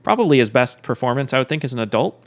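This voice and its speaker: A man's voice: mid-range voice, big pitch swings, very fast. A man from Chicago with a light Chicago accent, co-hosting a podcast in casual chat, rambling with lots of ums and restarts. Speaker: podcast co-host. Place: recording studio.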